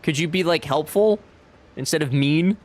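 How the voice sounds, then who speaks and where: A man's voice: on the high side, normal speed, a little mellow. A young man casually commenting on a game he is playing, joking and swearing, and reading game lines in silly accents. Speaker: streamer.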